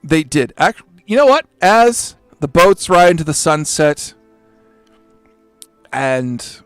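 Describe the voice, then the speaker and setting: A man's voice: on the high side, sing-song, takes it slowly, smooth, dry recording, soft background music. A man narrating a tabletop game as game master, with wry asides and swearing. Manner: swearing, wry asides, voicing characters in quotes.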